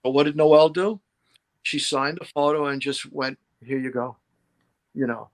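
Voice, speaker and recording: A man's voice: on the high side, steady tone, normal speed. Rambling man telling fan stories. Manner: rambling, many "you know" fillers. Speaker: guest historian. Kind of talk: casual podcast storytelling.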